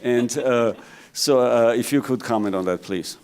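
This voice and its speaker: A man's voice: medium pitch, a little slow, darkish tone, clear, resonant tone. A man with a German accent moderating a conference panel, hesitant and often restarting his phrases, with a light joking touch.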